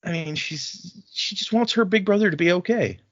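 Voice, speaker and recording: A man with a high voice hosts a laid-back book discussion podcast, retelling scenes and performing the characters' lines himself. He speaks at a moderate pace with a fairly bright tone. The recording is dry, and the audio comes across dull and muffled.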